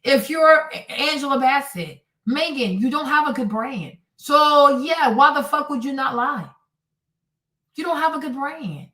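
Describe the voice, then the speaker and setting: A woman's voice: high-pitched, expressive, measured pace, fairly bright tone. A woman hosting a livestream, giving blunt, exclamatory commentary as she reacts to clips. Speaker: host. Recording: roomy and distant from the mic.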